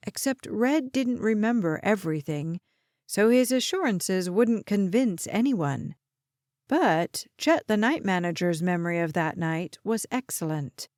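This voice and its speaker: A woman narrating a novel as an audiobook in a slow, even storytelling manner. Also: medium pitch, dry recording, clean studio sound. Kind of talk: scripted narration.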